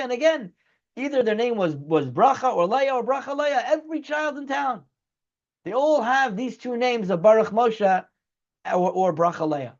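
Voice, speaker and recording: High-voiced rabbi telling a story. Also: male voice, animated, moderate pace, muffled recording. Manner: earnest, acts out dialogue in story. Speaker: rabbi teaching a weekly class. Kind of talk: storytelling lecture.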